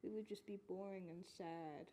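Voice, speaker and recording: A woman's voice: lowish voice, steady tone, normal speed, dark tone, a little hiss or hum. A woman co-hosting a casual podcast chat in a library podcast room, blunt, laughing and swearing freely. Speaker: podcast co-host.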